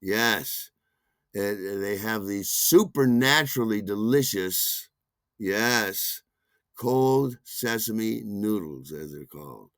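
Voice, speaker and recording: A man's voice: on the low side, expressive, takes it slowly, a bit bright, no room sound, clean studio sound. A man hosting a podcast, telling a rambling, self-deprecating personal story full of asides. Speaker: podcast host.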